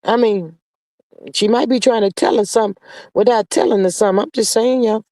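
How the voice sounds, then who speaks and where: A sassy live stream host chats gossip and reads viewer comments, drawling out "child" and "honey" between sing-song hums and laughs. Her warm, mid-range voice is steady, a little fast, and sounds dry and close with no room echo.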